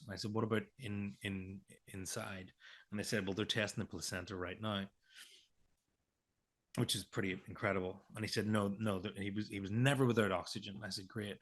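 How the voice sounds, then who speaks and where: A man's voice: on the low side, fairly even intonation, fairly quick, fairly bright tone. A man on a podcast telling a personal story of a hard birth, acting out the lines of nurses and doctors, with frequent restarts. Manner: emotional retelling with quoted dialogue, hesitant restarts. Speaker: podcast co-host.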